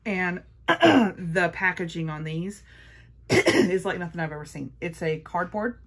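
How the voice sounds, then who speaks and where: A woman's voice: lowish voice, expressive, takes it slowly, fairly bright tone, slightly rough. A woman chatting casually through a makeup haul, gushing and repeating her praise. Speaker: beauty vlogger.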